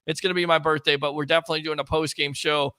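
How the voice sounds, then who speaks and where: A man's voice: fairly high pitch, racing, clear, resonant tone, no echo. A man hosting a live-streamed sports talk show, chatting with a caller and reading viewer comments. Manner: excitable, shouts catchphrases. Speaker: host.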